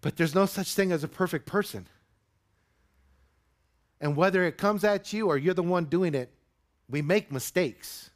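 A high-pitched man preaches at a normal speed, pausing often. In the sanctuary with his congregation, he delivers an animated story and performs its quoted lines.

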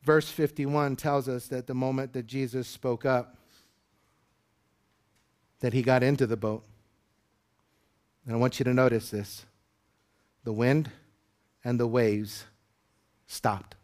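A man preaching a sermon as a pastor, chatting loosely and then rising to high, emphatic peaks. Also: a little mellow, smooth.

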